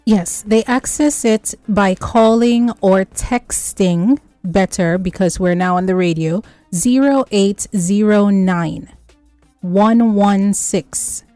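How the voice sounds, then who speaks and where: A woman speaking as a nutrition expert on a radio health show, explaining slowly and listing her points by number. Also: mid-range voice, a little mellow, dry recording.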